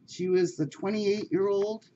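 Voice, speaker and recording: A woman's voice: medium pitch, fairly even intonation, measured pace, mellow. A woman reading an animal story aloud in a chatty way, speaking directly to her listeners. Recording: dull lo-fi with faint hiss.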